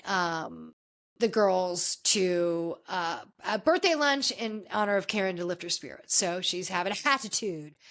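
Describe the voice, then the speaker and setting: A woman's voice: mid-range voice, pushed and bright. A woman hosting a podcast, chatting casually and gossipily through a reality show recap with many restarts. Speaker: podcast host.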